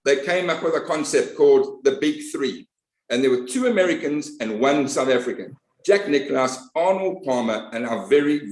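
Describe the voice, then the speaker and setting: A male host opens a talk panel with enthusiastic praise for his guests. His voice sits at an ordinary middle pitch, and the room around him rings with echo. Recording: roomy echo.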